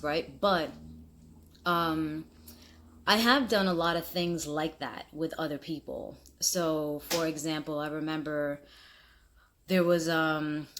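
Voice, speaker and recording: A woman, vlogging in a candid, chatty monologue and laughing easily as she talks. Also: low-pitched. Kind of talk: casual reflective monologue.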